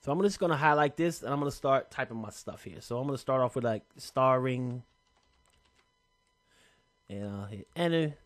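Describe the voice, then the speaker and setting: Chatty man explaining software steps. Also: mid-range voice, moderate pace, pauses often, no room sound. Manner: relaxed, chatty, slangy step-by-step explaining. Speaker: software tutorial presenter. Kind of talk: casual screen-recorded tutorial.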